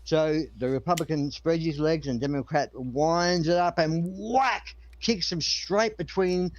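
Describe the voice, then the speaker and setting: A man's voice: a little high, measured pace, dry recording, dull audio. A man telling a long joke in a rambling way, with many restarts.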